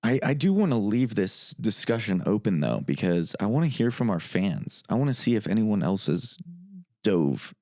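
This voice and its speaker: A young man co-hosting a podcast in relaxed, slangy casual chat, wrapping up the episode. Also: fairly low pitch, normal speed, dry recording, clean studio sound. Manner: laid-back, slangy. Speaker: podcast co-host.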